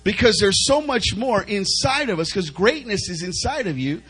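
High-voiced husky male preacher. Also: lively intonation, normal speed, fairly bright tone, poor audio. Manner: emphatic, repetitive, urging the congregation. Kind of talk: sermon.

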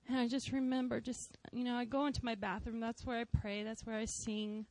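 A woman's voice: fairly high pitch, little pitch movement, brisk, darkish tone, a little hiss or hum. A woman, a worship leader and mother, giving an earnest personal testimony to a church, with frequent "you know" asides. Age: adult, a mother of school-age kids.

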